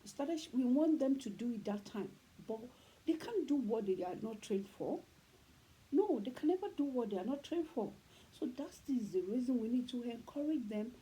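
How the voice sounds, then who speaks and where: A middle-aged parenting talk host with a Nigerian Yoruba accent gives earnest advice, preachy and emphatic, repeating her points over faint background noise. Her high-sitting voice is husky and dark-toned, with lively intonation at a normal speed, on a low-quality recording.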